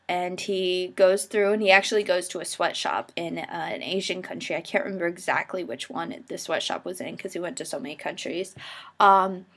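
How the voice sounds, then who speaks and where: A woman's voice: fairly low pitch, normal speed. A young woman from America, a university student, chatting to the camera in a self-mocking way while getting over a cold. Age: young adult. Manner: chatty, self-mocking, animated quoted voices. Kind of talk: casual chat to camera.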